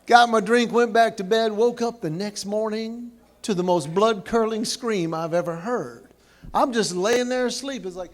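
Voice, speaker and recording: A male banquet speaker delivers a funny talk in an indoor banquet hall, spinning stories and performing the quoted lines. He speaks at a normal speed in a voice that sits high.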